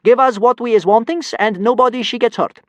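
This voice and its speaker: A man's voice: very high-pitched, brisk, dry recording, lo-fi sound, pitched above the performer's own voice. A man doing a brutish kidnapper with broken speech. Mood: threatening. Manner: mangled grammar, threatening.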